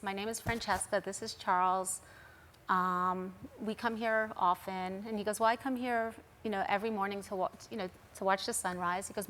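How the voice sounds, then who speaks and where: A woman's voice: mid-range voice, fairly bright tone, a little hiss or hum. Earnest woman telling a personal story. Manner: earnest, recounting events with quoted dialogue. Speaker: guest sharing a personal story. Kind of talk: storytelling on a TV talk show.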